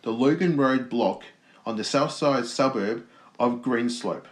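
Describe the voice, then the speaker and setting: A man's voice: medium pitch, unhurried. A man co-hosting a podcast, reading a news story aloud in a casual, joking way with stumbles and asides. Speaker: podcast co-host. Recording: echoey room.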